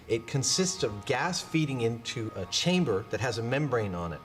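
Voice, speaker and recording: A man's voice: medium pitch, a bit bright. Chatty, enthusiastic male science host. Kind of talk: casual explaining on a TV science show.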